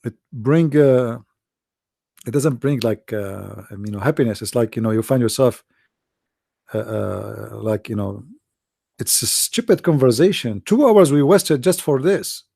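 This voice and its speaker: A man, a bit hoarse, talking in a casual commentary monologue with lots of fillers and restarts. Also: mid-range voice, a little slow, dry recording, studio quality. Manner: animated, repetitive, many fillers and restarts. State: losing his voice, hoarse. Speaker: debate show host.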